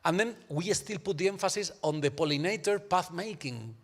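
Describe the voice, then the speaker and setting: A fairly high-voiced man argues his point emphatically on a live symposium panel. He often stops to ask "right?" of the people around him. The sound rings with the long reverb of an auditorium. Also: fairly quick. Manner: emphatic, keeps checking in with "right?". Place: university auditorium.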